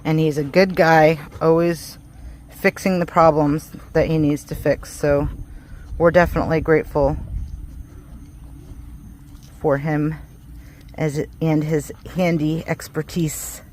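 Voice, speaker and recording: A woman chatting casually to camera while her husband works on the farm, talking warmly about faith and laughing often. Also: deep voice, steady tone, slow, pauses often, slight background noise. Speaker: farm vlogger.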